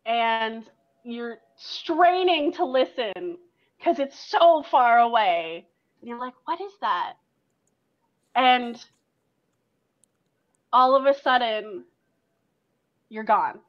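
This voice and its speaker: Slow, filler-heavy woman game master. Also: a little high, animated. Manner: loose and filler-heavy, full of likes and ums. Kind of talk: second-person narration of a tabletop game. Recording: dull lo-fi recording.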